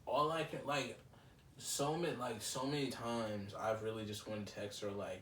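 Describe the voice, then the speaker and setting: In a roomy recording from a slightly distant mic with faint background noise, a young man hosts a solo podcast, rambling and reflecting casually with plenty of fillers. His voice is mid-range and fairly bright, his pace measured.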